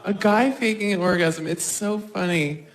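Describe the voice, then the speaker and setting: Woman doing stand-up on a live stage, lively, jumps into little character voices, roomy echoey sound with faint noise behind. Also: medium pitch. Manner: animated, acts out quick voices for others. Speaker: stand-up comedian. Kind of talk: stand-up comedy set.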